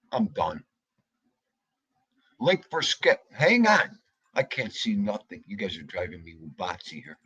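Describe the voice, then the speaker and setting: Male livestream host, husky, lively, slightly dull lo-fi sound. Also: mid-range voice. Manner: animated, jokey, greets chatters by name. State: out of breath. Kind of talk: casual livestream chat.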